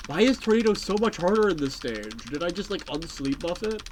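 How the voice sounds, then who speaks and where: A game streamer chatting live with viewers, rambling and excitable, repeating phrases and swearing casually. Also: medium pitch, brisk, noisy background. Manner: talks to chat and repeats phrases. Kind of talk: casual live-stream chat while playing.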